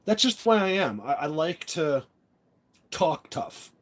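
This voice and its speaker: A man's voice: a little high, big pitch swings, a little slow. Rambling man chatting on a phone live stream. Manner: rambling, talks tough in jest. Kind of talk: casual live-stream chat.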